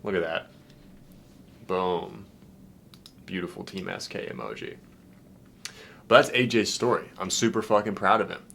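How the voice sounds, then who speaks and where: A young man, a dating coach, talking casually to camera in an excited, slangy way, swearing and saying "dude" a lot. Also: low-pitched, slight background noise. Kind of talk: casual vlog, reacting to a client's messages.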